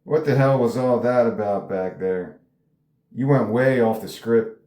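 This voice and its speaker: A man's voice: mid-range voice, unhurried, mellow, lightly acted. A man reading the part of a friendly male actor who posed as a gangster, talking in a pleading, easygoing way. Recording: roomy echo.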